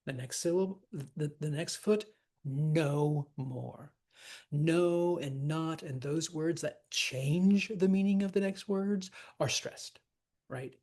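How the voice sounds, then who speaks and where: A woman teaching a lecture on verse, unhurried and chatty, full of fillers. Her voice is husky and breathy. She taps out the stresses of a line aloud, one word at a time. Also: low voice, mellow.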